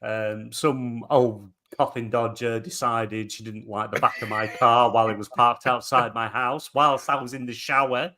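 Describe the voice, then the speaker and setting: Male panelist, middle voice, animated yarn-spinner who acts out every quote. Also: mid-range voice, normal speed, hardly any pauses. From England. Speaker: podcast panelist. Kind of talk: casual chat.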